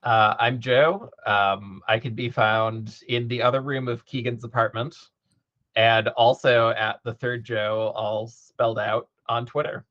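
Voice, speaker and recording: A man appearing as a guest, introducing himself in a low-key way. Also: fairly even intonation, a little slow, dull audio. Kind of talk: casual chat.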